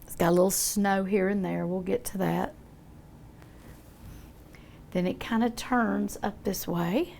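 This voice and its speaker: A woman's voice: medium pitch, measured pace, gravelly, long pauses, a little mellow, slight background noise. An older woman demonstrating a painting, talking in a chatty, folksy way as she thinks aloud. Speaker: art teacher.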